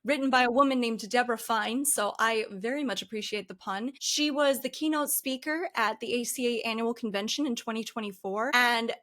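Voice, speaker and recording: A woman with a somewhat high voice hosts a podcast interview. She explains her ideas thoughtfully, with casual fillers along the way. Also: a little fast, hardly any pauses, a bit bright. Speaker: podcast host. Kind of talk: conversational interview.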